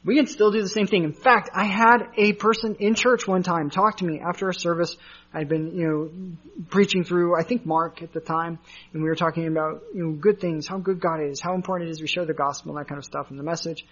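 Guy pastor with a high voice, chatty sermon, kinda muffled lo-fi recording. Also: fairly even intonation, a little fast, fairly bright tone, breathy edge. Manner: conversational preaching, fillers and asides.

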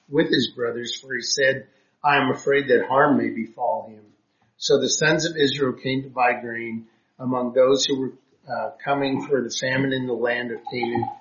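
A man's voice: mid-range voice, steady tone, normal speed, fairly bright tone. A man teaching a Bible class, reading verses aloud and explaining them with frequent hesitations. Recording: roomy, dull lo-fi classroom recording.

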